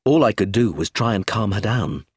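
A man reading a novel aloud as an audiobook narrator, in an expressive scripted way. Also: lowish voice, moderate pace, slightly rough, no echo, clean studio sound.

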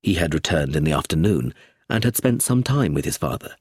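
A man reading a story aloud as narrator, in an expressive scripted narration. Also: extremely low pitch, fairly quick, breathy edge, dry recording, clean studio sound.

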